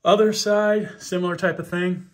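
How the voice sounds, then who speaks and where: A man's voice: high-pitched, steady tone, normal speed. A man giving an enthusiastic hands-on review of a pistol, talking conversationally as he points out its features. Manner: enthusiastic, conversational, shows details up close. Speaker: firearms reviewer.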